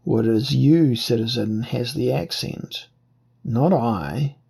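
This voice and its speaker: A man's voice: medium pitch, slow pace, creaky, mellow, slightly rough, full character voice. A man voicing a narrator in disguise as a common man, speaking in a wheedling whine. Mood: wheedling, defiant.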